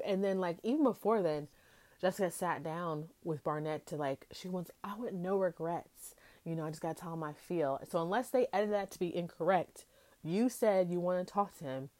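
A young woman hosting a podcast, recapping a reality show in a chatty, animated way and acting out quotes from the cast. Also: fairly low pitch, no echo. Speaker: podcast host. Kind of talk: casual recap chat.

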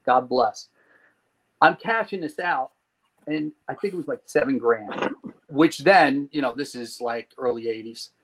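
A man's voice: mid-range voice, measured pace, low-quality recording. A man from New Jersey, a podcast guest telling a long personal story, acting out the people in it and swearing casually. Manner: animated storyteller who acts out quoted people and swears casually.

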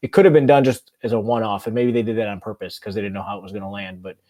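A man's voice: fairly low pitch, fairly even intonation, racing, warm tone. A man in his thirties co-hosting a movie podcast, rambling in casual chat with many ums. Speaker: podcast co-host.

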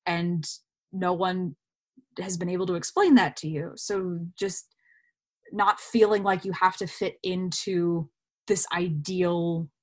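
A woman's voice: fairly low pitch, steady tone, takes it slowly. A woman, an actor, speaking as a guest in a casual interview over a video call, musing thoughtfully and laughing often.

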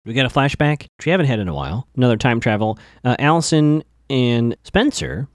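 A man's voice: mid-range voice, expressive, brisk, no echo, studio quality. A man casually recapping a TV episode, chatty, with lots of fillers, stammered restarts and asides to his listeners.

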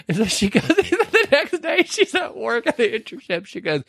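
A man's voice: moderate pace, slightly rough, no room sound, clean studio sound. A young man co-hosting a podcast, retelling a movie plot in casual chat and acting out the characters' lines in playful put-on voices. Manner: animated retelling, acts out quotes in high voices. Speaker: podcast co-host.

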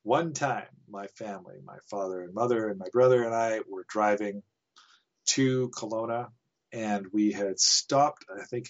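Podcast guest: canadian-raised man, low voice, rambling chuckling anecdotes, dull lo-fi audio. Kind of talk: casual anecdote telling.

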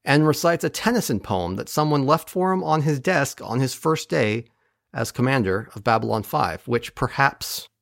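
A man hosting a podcast, recapping a TV episode in casual chat with a wry, profane, animated manner. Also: medium pitch, moderate pace, vocal fry, dry recording, clean studio sound.

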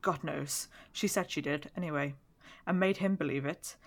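A woman's voice: low voice, normal speed, voice pushed down. Woman reading a chatty, gossipy old lord. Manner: chatty, gossipy storytelling with exclamations. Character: fat jovial older male lord, gossipy. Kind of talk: audiobook character reading.

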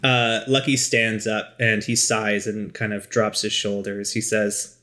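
A man's voice: on the low side, little pitch movement, unhurried, bright, forceful tone. A man playing a tabletop role-playing game, casually describing what his character does. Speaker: player.

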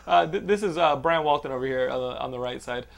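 A man hosting a podcast, talking in a loose, excitable way and swearing freely. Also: medium pitch, fast talker, creaky. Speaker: podcast host. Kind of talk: casual chat. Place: Los Angeles.

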